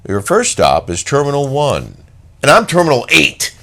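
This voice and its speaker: A man's voice: mid-range voice, wildly swooping pitch, normal speed, creaky, fairly bright tone. A middle-aged man co-hosting a talk show, telling a travel story in casual chat and acting out the voices and sound effects in it. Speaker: radio show co-host.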